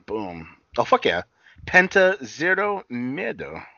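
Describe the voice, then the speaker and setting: A man co-hosting a casual chat, retelling things in a rambling, profane, animated way. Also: medium pitch, slow, creaky, muffled recording. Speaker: podcast co-host.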